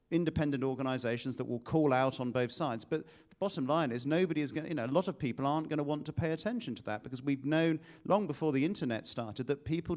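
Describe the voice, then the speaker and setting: A man speaks on a discussion panel at a middle pitch. He lays out his points in a measured, reasoned way. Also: a little mellow.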